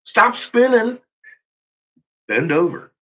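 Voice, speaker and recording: A man's voice: sits high, big pitch swings, slow pace, a bit bright. A man ranting casually and with exasperation, swearing often and laughing at his own points. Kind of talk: profane casual rant. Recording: dull lo-fi recording.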